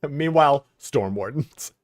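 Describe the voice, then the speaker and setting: A man's voice: mid-range voice, animated, slow pace, no room sound. A man streaming a game live, chatting casually with viewers and laughing often.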